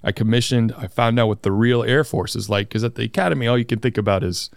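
This podcast guest, a man in his thirties who commands a squadron, chats casually with a bit of nervousness and a habit of joking at his own expense. He talks fast at medium pitch with vocal fry, and the clean studio sound has no echo.

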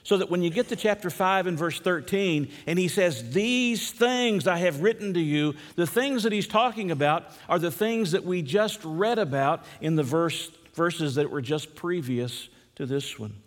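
A male pastor preaches in a steady teaching manner, moving from prayer to anecdotes to verse-by-verse study. His voice sits a little higher than most men's. The recording carries a long hall reverb. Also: normal speed, few pauses. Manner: prayerful, then storytelling and teaching. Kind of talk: sermon.

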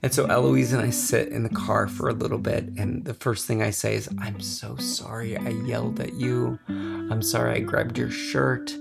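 A man's voice: mid-range voice, flat delivery, normal speed, vocal fry, loud music behind the voice. A man co-hosting a podcast, telling an earnest, self-reflective story in casual chat. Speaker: podcast co-host.

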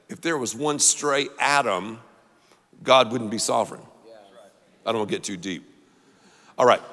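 A man preaching a sermon, leading the congregation to repeat lines back to him in an animated way. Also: on the high side, long reverb tail. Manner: animated, call-and-response with congregation. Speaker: pastor.

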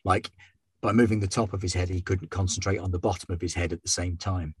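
Gm guy, low husky voice, dry close mic, wry chill scene-setting. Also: quick pace, no room sound. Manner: descriptive, wry and relaxed. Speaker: game master. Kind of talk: narrating a tabletop game.

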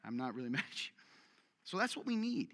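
A man preaching a sermon as pastor, direct and energetic, with rhetorical questions and self-deprecating humor. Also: mid-range voice, fast. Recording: long reverberant hall.

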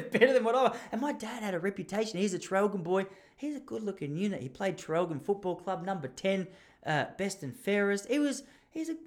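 Rambling, jokey Australian man. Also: sits high. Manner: rambling, jokey, animated storytelling with laughs. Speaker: podcast host. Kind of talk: casual chat.

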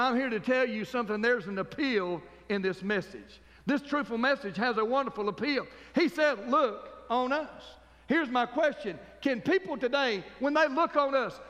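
A man's voice: very high-pitched, sharp tone, big-room sound. A man preaching a fervent sermon as pastor, calling for amens from the congregation.

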